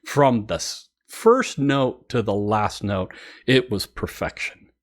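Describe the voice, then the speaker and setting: A man who hosts a music channel, telling a story casually and excitedly, with many fillers and frequent laughter. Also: fairly low pitch, slow.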